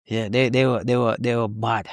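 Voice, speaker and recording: A man from Jamaica with a Jamaican accent, a comedian chatting on a podcast, animated and laughing often as he tells stories. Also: medium pitch, normal speed, gravelly, no echo, clean studio sound. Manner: animated storyteller, laughs a lot, repeats "you know what I mean". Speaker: guest comedian. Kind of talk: podcast conversation.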